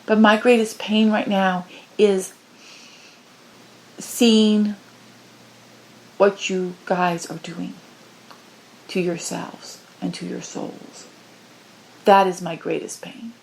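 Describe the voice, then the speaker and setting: A woman delivering a channeled spiritual message, pleading with passion and moving from low murmurs to high cries. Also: flat delivery, takes it slowly, long pauses, a little hiss or hum.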